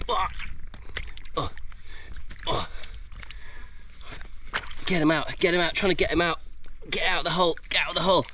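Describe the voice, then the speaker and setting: A man vlogging while he hunts food outdoors on a tropical island, excitable and out of breath, exclaiming as he narrates. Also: on the high side, moderate pace, pauses often, slight background noise. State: out of breath, sweating. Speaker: bushcraft vlogger. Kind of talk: excited handheld outdoor vlog.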